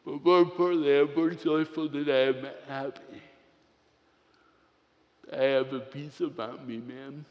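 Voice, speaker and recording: A man's voice: fairly high pitch, fairly even intonation, measured pace, long pauses, a little mellow. A man preaching a sermon, telling a personal story with playful humor before turning to scripture. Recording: long reverb of a large hall.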